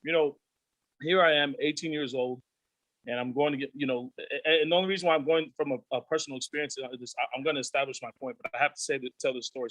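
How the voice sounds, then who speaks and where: A man in his thirties, a podcast guest, telling candid stories in a profane, animated way and acting out the voices of his friends. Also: medium pitch, quick pace, no echo, low-quality recording. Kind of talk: candid storytelling.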